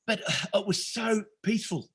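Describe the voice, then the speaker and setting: A man's voice: high voice, steady tone, normal speed, husky. A middle-aged Australian man telling his story as a podcast guest, earnest and rambling, swearing often and calling people mate. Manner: rambling with many restarts. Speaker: podcast guest, retreat founder. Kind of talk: emotional storytelling.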